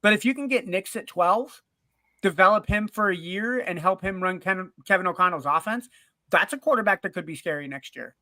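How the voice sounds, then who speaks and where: An animated man co-hosting a sports podcast, talking in a casual, lively way. His voice sits high and sounds bright. The recording is dry, with no room sound. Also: a little fast, no room sound. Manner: animated storyteller, acts out quotes. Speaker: podcast co-host.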